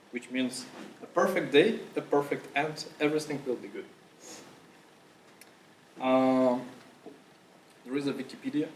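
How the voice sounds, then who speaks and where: A man's voice: mid-range voice, slight background noise. A man giving a casual conference talk to an audience, with loose phrasing, many fillers and restarts, and a cough now and then. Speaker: conference speaker. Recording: echoey room, voice from far off.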